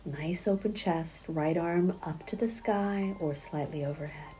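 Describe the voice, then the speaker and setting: A middle-aged woman leads a prenatal yoga class in a soft, breathy voice that often drops to a half-whisper. She talks at an unhurried, very slow pace in a fairly low, mellow tone. She counts the breaths aloud over faint music. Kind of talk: guided yoga class instruction.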